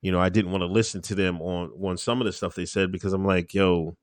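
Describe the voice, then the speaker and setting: A man's voice: deep voice, fairly even intonation, quick pace, clear, resonant tone, dry recording. A man talking casually as an interview guest, rambling with lots of fillers and easy laughs. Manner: laid-back, rambling, full of fillers and laughs.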